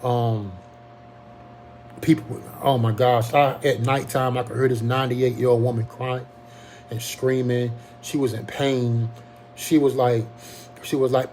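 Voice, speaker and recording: A man's voice: mid-range voice, level tone, a little mellow, a little hiss or hum. A young man tells his own story in a casual, earnest way, often stopping to restart his sentences. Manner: halting, earnest, frequent restarts and ums. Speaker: Covid survivor telling his story. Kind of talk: casual personal testimony.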